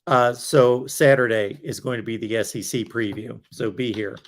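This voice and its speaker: Male livestream host, mid-pitched, tired and rambly, casual chat with a fading voice. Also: fairly even intonation, normal speed. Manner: rambling, chatty, with fillers and self-asides. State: tired, voice wearing out. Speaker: host of a college football livestream.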